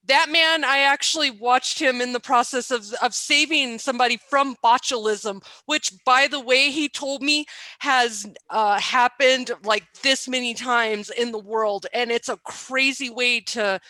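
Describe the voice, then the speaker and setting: Bright, high-voiced chatty woman. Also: a little slow, dry recording. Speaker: conference panelist. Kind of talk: casual panel talk.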